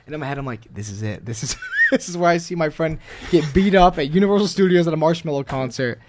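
A man's voice: a little high, expressive, fast talker, noisy background. A young man co-hosting a casual sports podcast, telling stories animatedly and laughing often. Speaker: podcast co-host. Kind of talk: casual chat.

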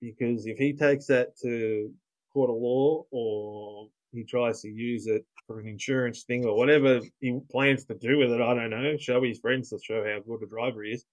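A man's voice: medium pitch, steady tone, moderate pace, poor audio. A man co-hosting a podcast in casual chat, blunt and opinionated, swearing freely. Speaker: podcast co-host.

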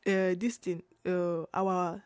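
A young woman from Nigeria with a Nigerian accent, hosting a casual solo podcast in an animated way, full of laughter, restarts and Pidgin asides. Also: fairly low pitch, slow, no room sound, studio quality. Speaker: podcast host.

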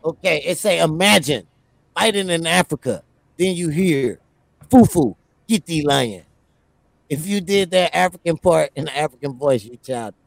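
A man's voice: on the high side, moderate pace, gravelly, a bit bright, no echo. A man co-hosting a casual podcast, joking around in loose, profane banter. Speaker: podcast co-host. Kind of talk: casual chat.

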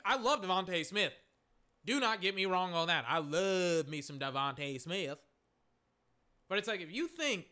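A young man giving excitable, rambling live reaction commentary on a football game, with exasperated asides. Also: sits high.

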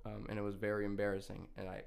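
A man's voice: lowish voice, monotone, very fast, gravelly, clear, resonant tone. Young male podcast co-host, loose rambling storyteller, profane and laughing. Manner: laughing, swearing, rambling with restarts. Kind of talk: casual storytelling chat.

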